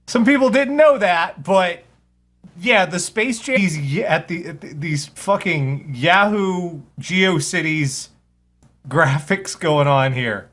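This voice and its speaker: A man's voice: sits high, slow pace, fairly bright tone. A man hosting a casual live radio show, rambling and sarcastic, swearing freely as he talks.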